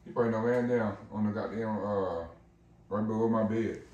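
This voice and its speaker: A man's voice: on the low side, steady tone, fairly quick, mellow, reverberant, far from the mic, lo-fi sound. A man talking casually in a vlog, loose and slangy, coaxing and praising his big dog at home. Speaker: dog breeder vlogger.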